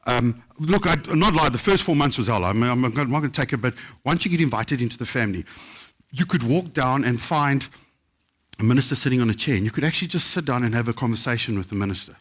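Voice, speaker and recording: A man's voice: mid-range voice, animated, fast talker, fairly bright tone. A man with a South African English accent telling anecdotes at a book festival, acting out the voices of people he quotes. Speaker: chef telling stories. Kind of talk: live storytelling talk.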